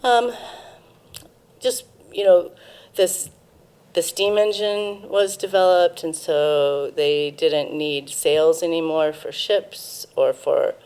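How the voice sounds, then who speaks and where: Low, gravelly-voiced woman. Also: steady tone, slow, darkish tone. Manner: informative, frequent ums and restarts. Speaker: cannabis museum guest. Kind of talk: casual interview, explaining history.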